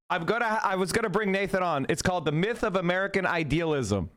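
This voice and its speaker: A male livestreamer talks straight to his chat in a heated, emphatic rant. His voice sits high for a man. He swears freely and repeats phrases to drive each point home. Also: animated, quick pace, a bit bright. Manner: profane. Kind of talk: livestream commentary, reacting to chat.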